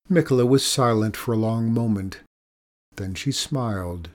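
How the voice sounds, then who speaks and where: A man reading a children's story aloud in a measured, expressive way. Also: fairly low pitch.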